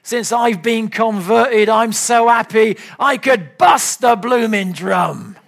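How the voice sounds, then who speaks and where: A man's voice: high voice, slow, creaky, a bit bright, exaggerated voice. A man with a British accent voicing a joyful, exuberant male Cockney drummer in a sermon.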